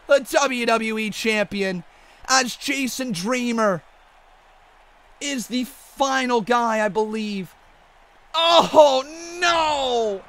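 A man doing mock wrestling play-by-play commentary over a video game, excitable and often shouting. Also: very high-pitched. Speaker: gaming YouTuber.

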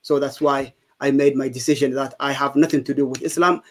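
A man from Somalia telling his conversion testimony in an interview, speaking in halting English with many fillers and restarts. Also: medium pitch, fairly even intonation. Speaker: guest giving testimony.

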